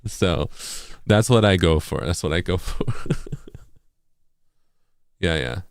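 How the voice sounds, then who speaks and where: A low-voiced man with an East Coast accent explains his process in a loose, casual way. He leans on fillers and says words aloud to show their sounds. The recording is close and dry. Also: takes it slowly, clear, resonant tone, no room sound. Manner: relaxed, filler-heavy, sounds words out as examples. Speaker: music producer and streamer.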